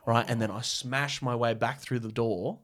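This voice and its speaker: A man's voice: mid-range voice, steady tone, moderate pace, a bit bright, dry recording, studio quality. A young man telling a story in casual chat, full of swearing and filler words.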